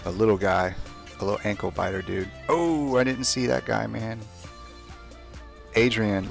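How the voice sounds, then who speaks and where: A man's voice: lowish voice, unhurried, creaky, pauses often, faint music behind. A young man chatting casually as he streams a game, talking to himself and trash-talking opponents. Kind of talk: casual live gameplay commentary.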